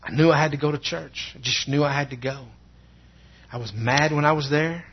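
A middle-aged man, telling a personal faith testimony in an earnest, halting way and often repeating words. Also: fairly high pitch, slightly rough. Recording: dull lo-fi recording.

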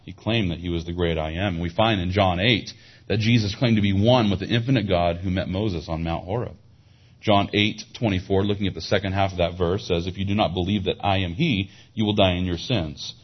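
A man preaching a sermon. He teaches verse by verse, explains Hebrew words, and lifts his voice when he drives a point home. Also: slightly rough. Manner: rises in pitch and volume for emphasis. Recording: dull lo-fi sound.

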